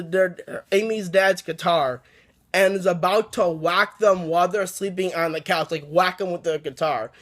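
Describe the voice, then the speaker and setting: Rambling, excitable man reviewing a book. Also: high voice. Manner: rambling, excitable, many restarts.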